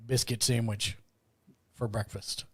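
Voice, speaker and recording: A man's voice: medium pitch, flat delivery, takes it slowly, a bit bright, husky, no room sound, clean studio sound. A man playing a tabletop role-playing game, talking in character with a drawling frontier manner. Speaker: player.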